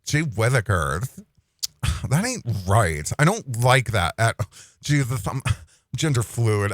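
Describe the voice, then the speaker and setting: A man's voice: mid-range voice, sing-song, slow, a bit bright, no echo, studio quality. A man hosting an online commentary show, talking casually in a mocking, rambling way and often repeating his phrases.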